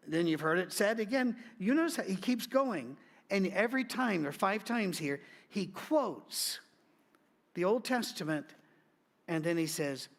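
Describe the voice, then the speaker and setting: A middle-aged man preaches, sitting high in his voice. He talks to his flock like a conversation, shooting up for emphasis and dropping to a hush. The delivery is loose and unscripted. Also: moderate pace. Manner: conversational preaching with wide swings in pitch and loudness. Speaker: pastor. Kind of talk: sermon.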